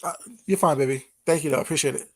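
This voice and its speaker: This man talks very fast in a fairly high voice. He's running a relaxed late-night stream, gossiping playfully with chat and often breaking into laughter.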